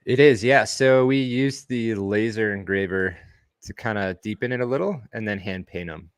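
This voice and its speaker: A man's voice: on the low side, normal speed, clear, resonant tone, no room sound. A young man co-hosting a livestream in a laid-back, dry manner, laughing along with his partner. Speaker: livestream co-host, crystal maker. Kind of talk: casual livestream chat.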